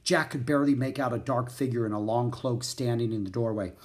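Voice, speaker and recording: A man narrating a children's book in an expressive storytelling manner. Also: mid-range voice, fairly quick. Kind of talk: children's audiobook reading.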